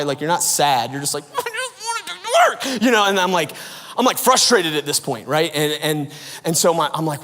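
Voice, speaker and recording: Animated young pastor in echoing hall. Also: male voice, on the high side. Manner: animated and self-mocking, acts out quotes, laughs often. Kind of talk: storytelling sermon. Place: large church hall. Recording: long hall reverb.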